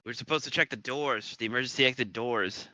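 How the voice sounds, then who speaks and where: A man's voice: mid-range voice, fast talker, bright, forceful tone, dry recording, low-quality recording. A man co-hosting a flight-simulator stream, chatting casually, rambling and restarting his sentences with chuckles. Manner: rambling, self-correcting, chuckles a lot. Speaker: stream co-host. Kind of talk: casual live-stream chat.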